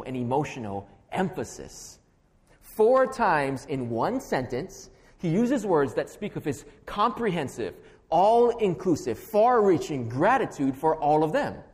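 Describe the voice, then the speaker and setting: A man's voice: a little high, in a large hall. A man preaching an expository sermon as pastor, emphatic and building through stacked, repeated phrases.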